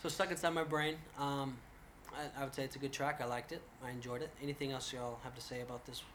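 Brief: young male podcast host, fast talker, bright voice, faint hiss. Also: mid-range voice, flat delivery. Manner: quick, goofy and self-deprecating. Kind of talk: casual podcast interview.

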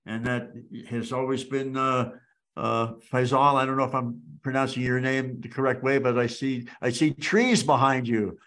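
A male storyteller speaking on a video call, telling a personal story with lively emphasis and frequent restarts. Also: mid-range voice, normal speed. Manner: warm-hearted, many restarts, animated emphasis.

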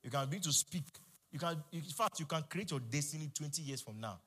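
A middle-aged male pastor, preaching fervently and leading the congregation in call-and-response, rising at times to shouts. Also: fairly high pitch, expressive, fairly quick, breathy edge. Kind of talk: sermon.

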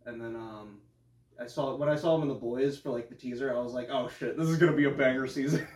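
A young man co-hosting a casual chat show, excitable, swearing often and laughing a lot. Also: mid-range voice, brisk. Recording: echoey room, mic far off.

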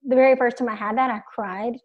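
A woman's voice: a little high, steady tone, quick pace, narrow, tinny audio. A woman hosting a podcast interview, chatting casually and agreeably, often restarting her sentences. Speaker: podcast host and coach.

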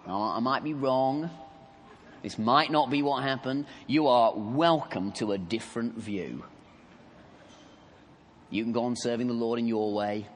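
A man preaching a sermon, telling the story in an animated, conversational way with asides to the congregation. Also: medium pitch, measured pace, pauses often, long reverb tail, slight background noise.

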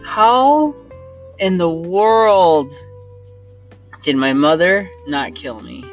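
A podcast host telling childhood stories in a casual, animated way, laughing often and loudly acting out quoted lines. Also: mid-range voice, very slow, muffled recording, faint music behind. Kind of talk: casual storytelling.

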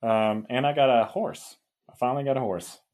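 A man co-hosting a casual podcast, telling relaxed stories and chuckling as he talks. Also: mid-range voice, normal speed. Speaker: podcast co-host. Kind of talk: casual chat.

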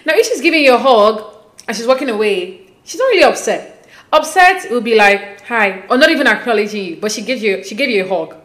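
A woman giving a casual, opinionated recap of a reality show, slipping quoted lines into her talk. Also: fairly high pitch. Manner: animated, quotes people in quick asides. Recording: echoey room.

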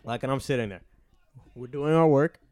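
A young man co-hosting a casual podcast, telling profane, animated stories and acting out the dialogue. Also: mid-range voice, normal speed. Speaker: podcast co-host. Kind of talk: casual storytelling chat.

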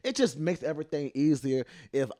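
A young man co-hosting a podcast, telling stories in a profane, animated casual chat. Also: on the high side, fairly quick, no echo, studio quality. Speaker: podcast co-host.

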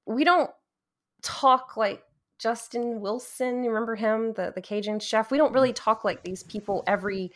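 Lively woman from Louisiana, chatting. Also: a little high, moderate pace. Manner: animated storytelling, laughs often. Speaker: podcast co-host. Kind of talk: casual chat about a video game.

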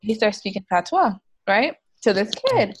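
A woman's voice: medium pitch, lively intonation, normal speed, slight background noise. A woman in a casual chat, curious and telling a story with light laughs.

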